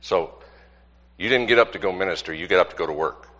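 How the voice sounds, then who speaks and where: Brief: low, bright male pastor, emphatic rhetorical preaching, reverberant hall. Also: quick pace. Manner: rhetorical questions, emphatic repetition. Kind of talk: sermon with congregation.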